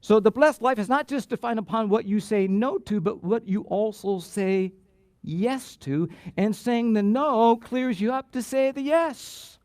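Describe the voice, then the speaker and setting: A pastor preaching a sermon in church, animated and emphatic, often repeating words and drawing out key phrases. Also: male voice, high-pitched, a little slow, no echo, studio quality. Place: church sanctuary.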